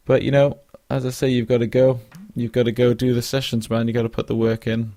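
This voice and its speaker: This young man's casual solo podcast comes across as drowsy: he yawns occasionally and rambles with plenty of fillers and restarts. His mid-range voice is warm and brisk but flat in delivery, recorded cleanly in a studio with no echo.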